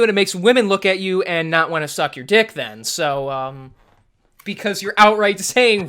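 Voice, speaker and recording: A man's voice: high voice, expressive, measured pace, sharp tone, clean tone. A young man co-hosting a podcast in casual comedic chat, laughing often and slipping into mock-formal asides. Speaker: podcast co-host.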